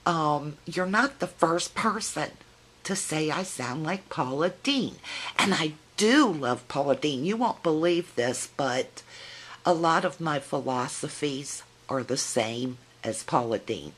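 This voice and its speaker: A middle-aged woman with a drawl talks straight to her viewers in a casual vlog. Her voice sits low and she takes her time, chatty and teasing in a folksy way. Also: animated, slow pace. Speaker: video blogger. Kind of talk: casual vlog talking to camera.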